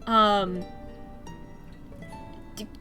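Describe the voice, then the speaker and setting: A woman's voice: mid-range voice, flat delivery, very slow, pushed and bright. A young woman streaming while she draws, chatting loosely and filling her talk with "like" and restarts. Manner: chatty, rambling, frequent "like" fillers. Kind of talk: casual chat while drawing on stream. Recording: faint music behind the voice.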